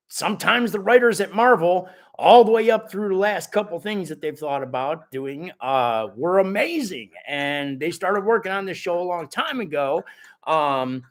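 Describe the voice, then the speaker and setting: A man hosting a live stream, chatting casually and jokingly with his viewers and reading out their comments, his voice cracking a little. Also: a little high. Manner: animated and jokey, talks straight to the viewers.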